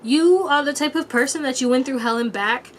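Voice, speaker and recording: A chatty woman reads tarot cards in a loose, casual way, laughing often and swearing freely. Her voice sits a little high for a woman. A faint hiss runs under the recording. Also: fairly quick. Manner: playful high-pitched quoted voices. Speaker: tarot reader. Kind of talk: casual pick-a-card tarot reading.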